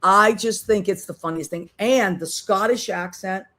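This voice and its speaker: A woman's voice: medium pitch, normal speed, fairly bright tone. Woman, middle-aged, podcast host, casual rambling chat. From Boston, USA. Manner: chatty, rambling with many restarts.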